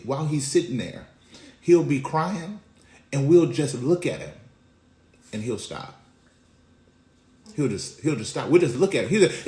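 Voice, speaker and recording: A middle-aged man preaching a casual devotional, telling folksy family stories in an animated way. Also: on the high side, moderate pace, long pauses. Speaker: pastor. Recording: roomy echo.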